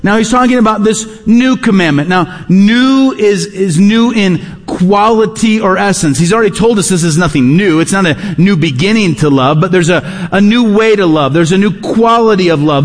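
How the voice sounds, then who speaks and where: High-voiced preacher in a reverberant hall. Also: male voice. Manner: emphatic, repeats key phrases. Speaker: pastor. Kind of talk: sermon.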